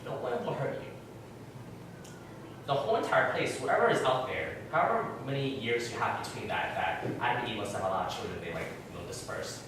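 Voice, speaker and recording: A man teaching a Bible class. He asks the class questions in a lively, conversational way. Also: lowish voice, fast, hardly any pauses. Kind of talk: interactive Bible study teaching. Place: church classroom. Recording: echoey room, distant mic, background noise.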